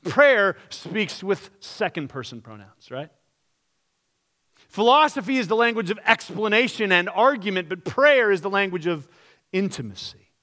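A man's voice: sits high, very animated, normal speed, pushed and bright. A man pastor preaching a sermon, earnest and direct, asking the congregation rhetorical questions and reading scripture aloud.

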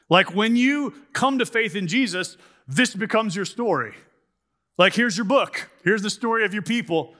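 A man preaches to his congregation with a bright, forward voice that sits a little high. His delivery is relaxed and conversational, leaning on "like" and "sort of" as he explains. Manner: conversational, animated, many "like" and "sort of". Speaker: pastor. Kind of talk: sermon. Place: church sanctuary.

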